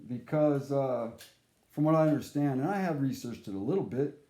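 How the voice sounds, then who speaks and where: A man's voice: medium pitch, expressive, moderate pace, dark tone. A man telling a long, rambling story casually, swearing and cutting himself off mid-sentence. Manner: rambling, swears, self-interrupting. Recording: roomy echo.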